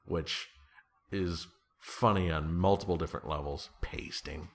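A man's voice: low voice, measured pace, creaky. A man talking as an author guest in a casual interview, playful, laughing often and slipping into comic voices.

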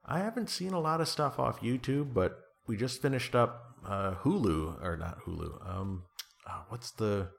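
Very low-voiced man rambling casually. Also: lively intonation, moderate pace, vocal fry. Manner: rambling, self-deprecating, trails off with fillers and restarts. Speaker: guest being interviewed. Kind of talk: casual conversation.

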